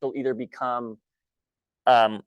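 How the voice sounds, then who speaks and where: A man teaching a workshop, a little out of breath, talking in halting bursts with many restarts while he writes on a board. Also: medium pitch, little pitch movement, smooth, no room sound, dull audio. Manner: halting, restarts sentences often. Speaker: guest trainer.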